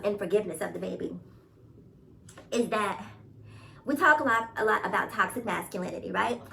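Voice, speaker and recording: A woman's voice: mid-range voice, vocal fry, fairly bright tone, slight background noise. Emphatic New York woman, slightly distant mic. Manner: emphatic, repeats points, laughs often. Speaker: commentary vlogger. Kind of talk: casual opinion commentary.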